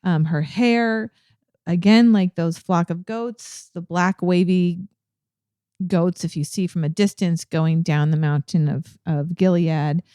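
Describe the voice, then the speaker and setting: A woman co-hosting a ministry podcast, talking through a Bible passage in a casual, thoughtful way and pausing often to search for words. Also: on the low side, fairly even intonation, warm tone, clear, resonant tone, dry recording, studio quality. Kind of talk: casual Bible study discussion.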